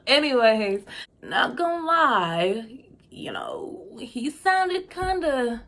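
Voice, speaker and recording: A young woman telling a casual storytime, chatty and expressive with slangy asides and frequent laughs. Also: a little high, extremely slow. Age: young adult. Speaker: vlogger.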